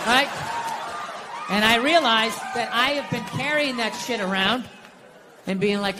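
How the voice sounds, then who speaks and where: A man's voice: sits high, sing-song, moderate pace, slight background noise. A man from the United States doing stand-up comedy, ranting and profane in an exasperated way. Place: large theater with a laughing crowd. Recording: echoey live hall, loud crowd.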